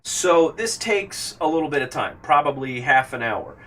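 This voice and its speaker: A man narrating a tabletop game as game master, describing scenes at length and pausing with fillers. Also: a little high, lively intonation, fairly bright tone. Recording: distant mic, faint background hiss.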